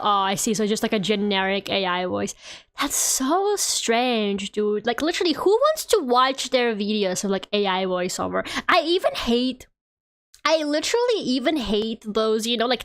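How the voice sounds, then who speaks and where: A young woman streaming a game, chatting casually and ranting with lots of "like"s. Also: fairly high pitch. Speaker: VTuber streamer. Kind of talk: casual live-stream chat while gaming.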